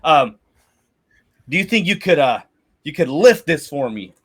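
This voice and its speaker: A man's voice: a little high, very animated, measured pace, fairly bright tone, breathy edge, exaggerated voice. A man voicing a brash middle-aged mercenary leader who swaggers and talks crude. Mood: mocking.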